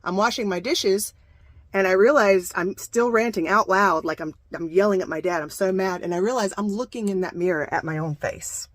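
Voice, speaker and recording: A woman's voice: mid-range voice, normal speed. A young woman from North Carolina, a van-life vlogger, rambling candidly through a personal story. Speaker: travel vlogger. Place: living in a camper van.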